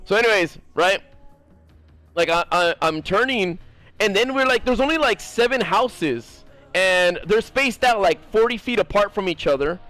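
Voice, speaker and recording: Rambling gamer guy telling a story, high lively voice, swears constantly, faint music under it. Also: normal speed. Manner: rambling, profane, lots of fillers. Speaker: gaming streamer. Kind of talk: casual storytelling to viewers.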